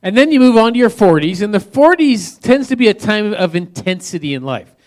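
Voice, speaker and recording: A man's voice: sits high, big pitch swings, a little fast, darkish tone. A man in his fifties speaking to an audience as a marriage speaker, earnest and often repeating words as he goes. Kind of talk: talk to an audience.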